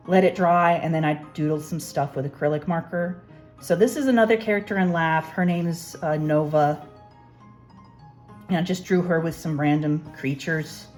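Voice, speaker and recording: A woman's voice: fairly low pitch, darkish tone. A young woman artist casually talking through her sketchbook pages, rambling and self-deprecating. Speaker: artist, channel host. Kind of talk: casual sketchbook tour narration.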